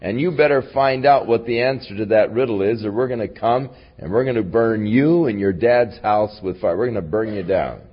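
A man's voice: on the low side, moderate pace, hardly any pauses, slightly rough. A man voicing a group of angry young men who bluntly threaten a bride, in a dull lo-fi recording.

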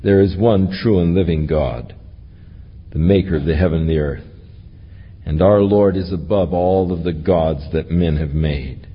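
Pastor, male, husky and unhurried, lively pitch, verse-by-verse preaching, dull recording with long reverb. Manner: reads scripture aloud, then explains it verse by verse. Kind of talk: expository sermon.

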